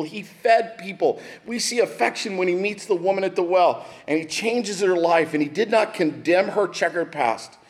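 A middle-aged man, a pastor, preaching a sermon in a church in a conversational way, with restarts and asides to the congregation. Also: on the high side. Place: church sanctuary.

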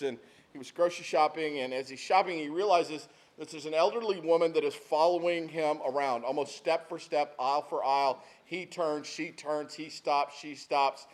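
A man in his fifties, a pastor telling stories in a sermon, talking in a conversational, folksy way with asides to the congregation. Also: a little high. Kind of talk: sermon with storytelling.

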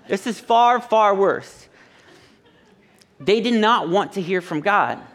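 A man's voice: high-pitched, animated, slow, fairly bright tone. A man preaching a sermon in a conversational, joking way, acting out little quotes between points. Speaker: pastor. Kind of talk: sermon with humorous asides. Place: church service.

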